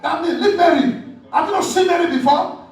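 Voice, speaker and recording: An indignant, nagging woman who is sick of doing all the chores, put on by a male preacher in a sermon. The voice sits very high and carries a heavy hall echo. It is picked up from a distance, so it sounds faint. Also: a little fast. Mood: exasperated. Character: exasperated woman complaining about her sister. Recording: echoey church hall, distant mic.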